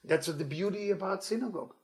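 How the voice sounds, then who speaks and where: A man giving a weekly inspirational Torah talk as a teacher, animated and playful, in non-native English phrasing. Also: high-pitched, quick pace, husky.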